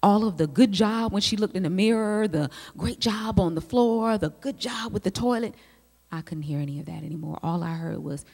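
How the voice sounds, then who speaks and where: A woman gives a teaching talk, her voice set at a middle pitch for a woman. She tells lively stories and turns often to speak directly to the room. Her words trail off into a long reverb from the hall. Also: normal speed, vocal fry. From United States. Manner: lively storyteller who speaks straight to the audience. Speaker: psychologist speaking to a women's group.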